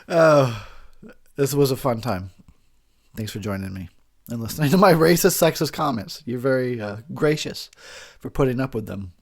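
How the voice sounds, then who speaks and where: A man's voice: mid-range voice, very animated, slow, long pauses. A man, drunk, giving a rambling, crude commentary over a movie, laughing often as he talks.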